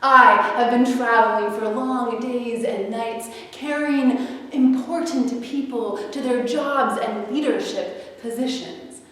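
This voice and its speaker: A woman's voice: fairly high pitch, fairly even intonation, slow pace, a bit bright. A woman voicing a haughty, self-important new passenger train in a storybook tale. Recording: roomy hall from far off.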